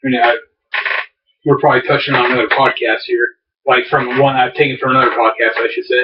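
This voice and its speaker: A man's voice: mid-range voice, flat delivery, fast, background noise. Rambling man on a distant, dull mic. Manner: rambling storyteller, many fillers and restarts. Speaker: podcast co-host. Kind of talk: casual chat.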